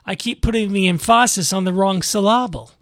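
A man's voice: sits high, brisk, fairly bright tone, dry recording, studio quality. A man hosting a community radio music show, chatting casually and rambling between songs. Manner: rambling, self-correcting, chatty.

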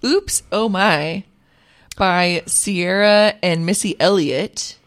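A woman co-hosting a community radio fund drive, teasing with dry, quick asides. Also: lowish voice. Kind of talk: casual fund drive banter.

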